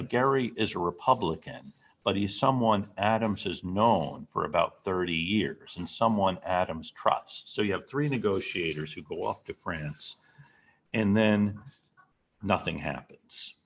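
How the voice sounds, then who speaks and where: A man's voice: low voice, lively intonation, unhurried, a bit bright, a little hiss or hum. A man giving a classroom history lecture, telling the story and asking the class questions.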